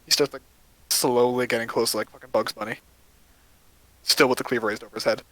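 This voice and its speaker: A man's voice: medium pitch, steady tone, quick pace, sharp tone, no room sound, low-quality recording. A man narrating as game master of a tabletop game, casual, with many fillers.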